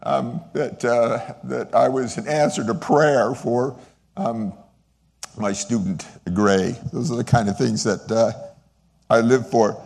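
An older man giving a sermon-style testimony, earnest and halting, with frequent pauses and restarts, and a sentimental streak. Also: mid-range voice, fairly even intonation, creaky, darkish tone, long reverb tail. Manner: sentimental, voice wavering with feeling. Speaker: lay speaker sharing a testimony.

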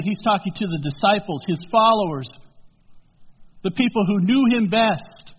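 High-voiced preacher in a tinny echoing hall. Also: male voice, lively intonation, husky. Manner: swings from low, quiet asides to loud, emphatic high-pitched peaks; stretches key words slowly for emphasis. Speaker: pastor. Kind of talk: sermon. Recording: tinny phone-like sound in a reverberant hall.

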